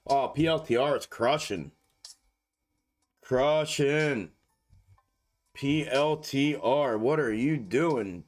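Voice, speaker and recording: A man hosting a casual stock market livestream, talking to his viewers, cursing freely and getting excitable over price moves. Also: medium pitch, takes it slowly. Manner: profane, excitable, talks to viewers as "y'all". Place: home desk setup.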